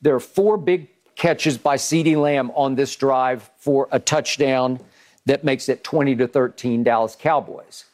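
A man's voice: mid-range voice, a little slow. A man hosting a sports debate show, recounting plays emphatically with frequent restarts. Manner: animated, restarts often, emphatic play-by-play recounting.

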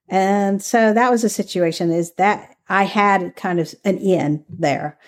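With an unhurried delivery and a medium-pitched voice, a Southern woman recalls her time as an undercover agent. The interview is conversational, and she comes across as candid and chatty, laughing readily.

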